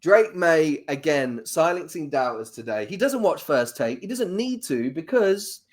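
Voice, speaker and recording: A man's voice: on the high side, very animated, unhurried. A man from London with a London accent co-hosting a casual sports chat, rambling through jokey rants. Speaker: podcast co-host.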